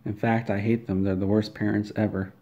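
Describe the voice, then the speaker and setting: A man's voice: lowish voice, level tone, brisk, mellow, highs cut off, natural voice. Man voicing a blunt young woman cook. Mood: offhand.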